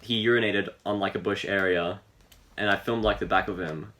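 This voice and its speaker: Bright-voiced rambling podcast host. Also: male voice, lowish voice, fairly even intonation, normal speed. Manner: rambling, filler-heavy, restarts thoughts. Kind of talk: casual chat.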